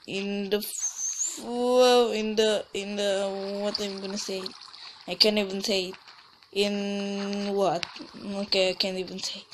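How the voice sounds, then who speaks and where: A woman's voice: medium pitch, a bit bright, slight background noise. A woman giving casual gameplay commentary as a let's play gamer, rambling and often restarting or trailing off mid-sentence.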